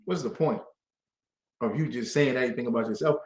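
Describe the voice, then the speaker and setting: A man teaching a scripture class to a group, lively and conversational, acting out the voices he quotes. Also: mid-range voice, a little fast, echoey room. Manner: lively, call-and-response, acts out quoted voices.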